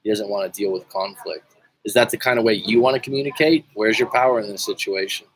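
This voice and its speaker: A man's voice: on the low side, fast, breathy edge, no room sound, poor audio. A man coaching on a livestream in a casual, joking and profane way, rambling with frequent restarts while reading viewer comments. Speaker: life coach.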